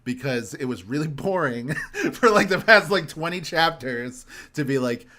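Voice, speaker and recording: A man's voice: a little high, animated, unhurried, bright, forceful tone. A young man hosting a podcast in casual chat, ranting animatedly and swearing for emphasis. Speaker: podcast host.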